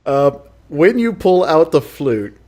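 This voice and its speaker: A man narrating a tabletop game as its game master. His voice sits a touch high, and he tells the story loosely, laughing often. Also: sing-song, takes it slowly, warm tone.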